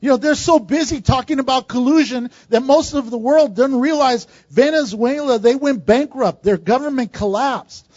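A man's voice: very high voice, a little mellow, no room sound. A man preaching a sermon to a congregation in a conversational style, with asides and jokes. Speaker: pastor. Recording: dull, dry recording.

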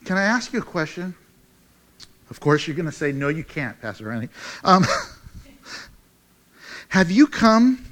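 A man with a high, light voice preaching a sermon. He moves from ringing, raised declarations to quiet, intimate asides, reading scripture and pressing questions on his listeners. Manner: preaching with wide swings from loud to hushed. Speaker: pastor.

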